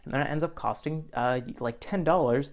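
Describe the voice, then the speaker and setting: A man's voice: fairly high pitch, brisk. Profane young man telling a rambling story. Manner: rambling, profane, jumps into loud exaggerated voices. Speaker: vlogger. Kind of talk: comedic storytime monologue.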